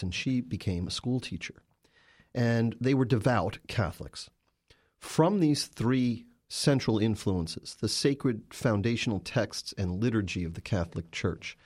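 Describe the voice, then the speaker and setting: A man's voice: fairly low pitch, darkish tone. A man, a journalist and author, answering interview questions with emphatic, storytelling narration.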